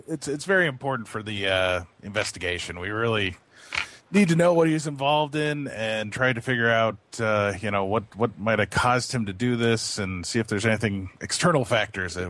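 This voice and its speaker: Low-voiced man playing a tabletop game. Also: moderate pace, a bit bright, slight background noise. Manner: earnest, filler-laden. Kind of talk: casual game chat on a voice call.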